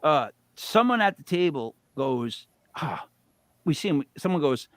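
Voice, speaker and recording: Animated rambling middle-aged man. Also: on the high side, a little slow, dry recording. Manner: animated, rambling, swings loud and soft. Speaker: co-host. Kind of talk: casual storytelling on a live show.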